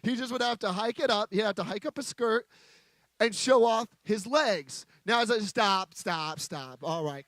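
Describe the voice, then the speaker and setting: A man gives a playful, chatty sermon from a stage and banters with his audience. His voice sits high and comes across close and dry, with no room echo. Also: moderate pace, fairly bright tone. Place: stage before a live audience.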